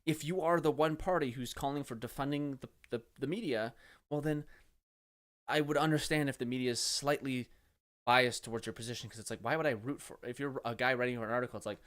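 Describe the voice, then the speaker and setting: A man's voice: medium pitch, fairly even intonation, a little fast, a bit bright. A young man from Canada giving casual, profane, exasperated commentary as a streamer reacting to political clips, with frequent restarts.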